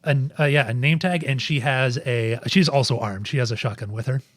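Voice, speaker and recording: A man's voice: medium pitch, brisk, dry recording. A man narrating as game master in a tabletop game, rambling and searching for words.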